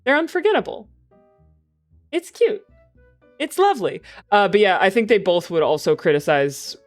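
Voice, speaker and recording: A woman streaming, chatting casually and excitably, swearing and laughing often. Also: mid-range voice. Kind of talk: casual livestream chat.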